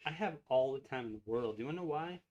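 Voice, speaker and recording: A man's voice: mid-range voice, expressive, rapid-fire, darkish tone, dull audio. Man, streamer dad, casual teasing banter over gameplay. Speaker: game streamer and father. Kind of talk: casual chat while livestreaming a game.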